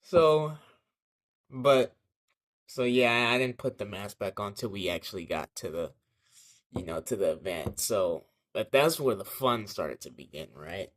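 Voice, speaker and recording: A man's voice: on the low side, expressive, a little slow, a bit bright. Rambling, slangy young man telling a story. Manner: rambling and slangy, heavy on fillers and swearing. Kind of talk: casual storytelling vlog.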